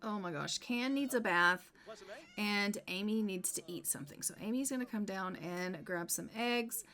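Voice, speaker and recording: A young woman talking her way through a life-sim game at an ordinary middle pitch, chatty and teasing. She nags the characters she controls in mock exasperation and slips into hushed asides now and then. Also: moderate pace. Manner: chatty, playfully scolding her game characters, sometimes dropping to a whisper. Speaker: gameplay video host. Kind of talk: casual let's-play commentary.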